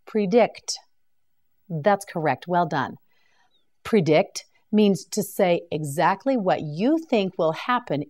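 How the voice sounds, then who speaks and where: A woman leads a vocabulary drill at a very slow, deliberate pace. Her voice sits on the lower side, and she pronounces each word with care so learners can repeat it. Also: darkish tone. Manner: slow, careful word-by-word pronunciation. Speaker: English vocabulary teacher.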